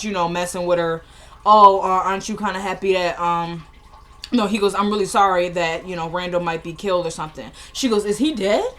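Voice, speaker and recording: A woman's voice: lowish voice, a bit bright. A woman casually recapping a TV episode, retelling each scene through quoted dialogue with exasperated asides. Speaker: show recapper.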